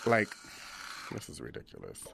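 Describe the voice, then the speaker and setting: A young man hosting a podcast in sassy, campy casual chat, cursing freely and swinging between low mumbles and high squeals. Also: wildly swooping pitch, normal speed, vocal fry, noisy background. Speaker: podcast host.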